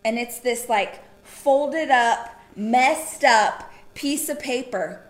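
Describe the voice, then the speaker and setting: A woman co-hosting a casual chat, telling a family story in an animated way with quick asides. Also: on the high side, reverberant. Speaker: podcast co-host.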